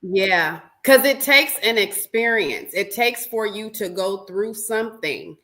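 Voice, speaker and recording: A woman's voice: mid-range voice, lively intonation, slow pace, fairly bright tone. A woman hosting a podcast over a video call, often breaking in to agree with her guest. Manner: affirming, frequent agreeing interjections. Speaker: podcast host. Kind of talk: casual interview.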